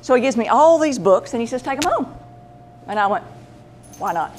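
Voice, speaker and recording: A woman's voice: fairly high pitch, moderate pace, a little hiss or hum. A woman telling a personal story in a casual way, acting out the voices of the people she quotes. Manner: animated, acts out quoted voices. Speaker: pet medium, show host.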